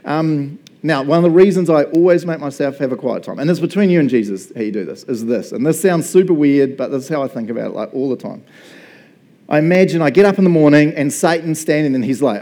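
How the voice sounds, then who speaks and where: A male pastor preaching a sermon in a casual, joking, animated way. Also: on the high side, quick pace.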